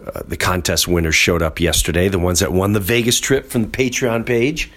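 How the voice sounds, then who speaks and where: A man hosting a podcast, telling a comic story with animated delivery and acting out other people's voices. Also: sits low, a little fast. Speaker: podcast host.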